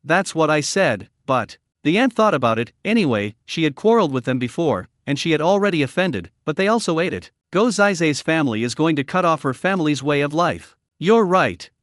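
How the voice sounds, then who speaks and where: A man narrating a story recap in an even, read-aloud way. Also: a little high, quick pace, few pauses, no echo, studio quality.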